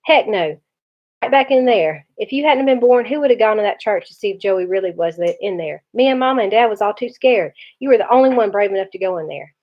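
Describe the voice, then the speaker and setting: A woman's voice: mid-range voice, lively intonation, quick pace, natural voice. A blunt, scolding older teen brother who is protective underneath, as a woman reading aloud puts him on. Her voice sits mid-range, and the recording is dull and lo-fi.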